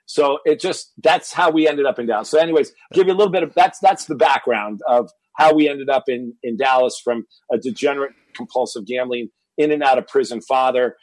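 A man's voice: mid-range voice, brisk, hardly any pauses, no room sound, low-quality recording. A man telling a personal story as a podcast guest, acting out what his family said. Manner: animated, acts out quoted family dialogue.

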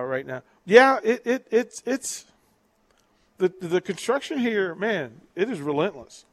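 On a casual call-in sports show, a male radio host with a fairly high voice for a man reads out listener texts, loose and chatty, often restarting sentences. The audio is dry and close, without any room echo.

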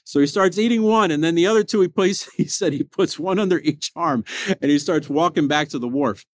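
A man hosting a motivational podcast, telling a story with loud emphatic peaks and quiet low asides. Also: a little fast, dry recording. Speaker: podcast host.

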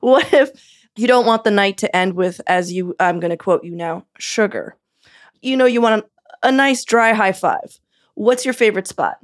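A woman hosting a casual radio interview, reacting quickly with teasing remarks. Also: mid-range voice. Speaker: radio show host.

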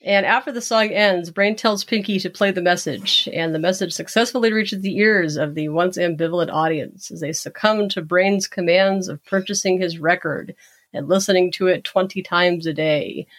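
A woman co-hosting a podcast, narrating an episode recap in a relaxed, easygoing way. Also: on the low side, normal speed. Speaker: podcast co-host.

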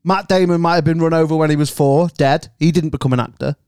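A man's voice: on the high side, steady tone, fast talker, a little mellow, clean tone, no room sound, studio quality. A man co-hosting a podcast, teasing his friends in casual banter and reading a sweary ad for the show. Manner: teasing, sweary, laughs often. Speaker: podcast co-host.

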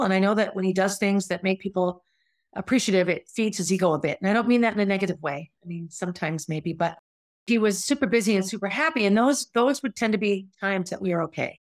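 A woman's voice: medium pitch, dry recording. Candid middle-aged woman telling her story. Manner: candid and conversational, acts out quoted voices. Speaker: podcast host telling her own story. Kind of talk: personal storytelling monologue.

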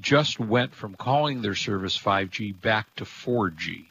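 A man's voice: on the low side, animated, a little slow, gravelly, fairly bright tone. A man hosting a tech talk show in casual chat, easygoing and hesitant, often starting over. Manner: easygoing, hesitant with fillers and restarts. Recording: dull lo-fi sound with faint noise.

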